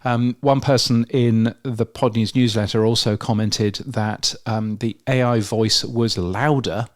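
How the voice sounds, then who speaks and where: A man's voice: mid-range voice, fairly even intonation, measured pace. A man with a London accent co-hosting a podcast news show, talking through research with lots of ums and restarts. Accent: London English. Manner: hesitant, many fillers and restarts. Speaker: podcast co-host. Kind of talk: casual news chat.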